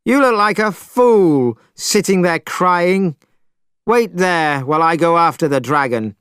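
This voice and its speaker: A man voicing a brash, hot-tempered male monkey hero in a storybook reading, shouting and scolding. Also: high voice, animated, takes it slowly, clean tone, no echo, clean studio sound, voice pushed up, exaggerated voice. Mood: angry shouting.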